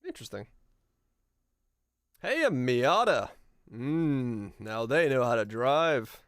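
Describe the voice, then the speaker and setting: A male streamer plays a geography game and chats loosely on a live stream, musing aloud as he puzzles over where he is, laughing often and swearing now and then. His smooth, resonant voice sits at a middle pitch, swings widely in pitch, and moves slowly in a laid-back manner. The recording is dry and close, with no room sound around it.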